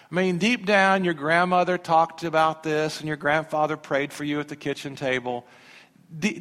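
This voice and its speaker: A male pastor preaching a sermon, animated, swinging from hushed lines to loud ones. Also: fairly high pitch. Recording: long hall reverb.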